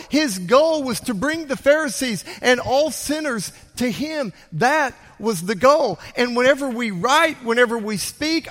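Animated preacher man in an echoey hall. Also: very high-pitched. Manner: animated preaching, drops to quiet then bursts loud. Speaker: pastor. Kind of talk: sermon.

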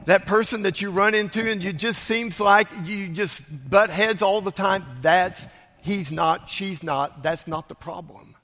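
A man preaching a sermon as a pastor, emphatic, swinging between loud urging and hushed, quiet lines. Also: high-pitched, unhurried, long reverb tail.

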